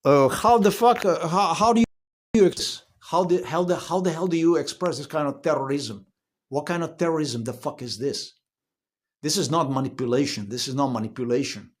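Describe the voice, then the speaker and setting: A man's voice: fairly high pitch, moderate pace. A man, filming himself at home in an agitated, profane rant, repeating himself. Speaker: vlogger. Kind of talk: angry filmed rant. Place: inside his house.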